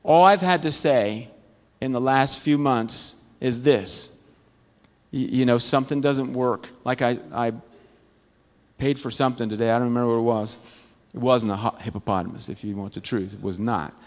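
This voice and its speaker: A man's voice: mid-range voice, normal speed. Man, Bible study teacher, folksy storytelling sermon, lingering hall reverb. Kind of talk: conversational sermon. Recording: long church-hall reverb.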